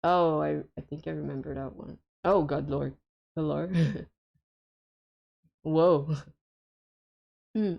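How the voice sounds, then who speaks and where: A woman's voice: low voice, fairly even intonation, slow pace, gravelly, long pauses, lo-fi sound. A woman streaming a co-op game with friends, chatting casually and hesitantly with lots of fillers and frequent giggles.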